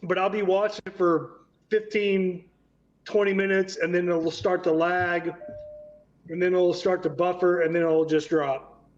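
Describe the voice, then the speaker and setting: A man's voice: high-pitched, level tone, a little slow, highs cut off. A man hosting a casual live stream chat, blunt and swearing freely on an online call.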